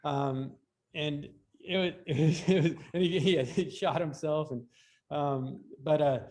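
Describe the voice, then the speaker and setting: Guy rambling thru stories on a podcast, lots of uh and restarts, kinda higher voice. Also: steady tone, unhurried, a little mellow. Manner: rambling, many restarts and fillers. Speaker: guest, BMX rider. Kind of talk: casual interview storytelling.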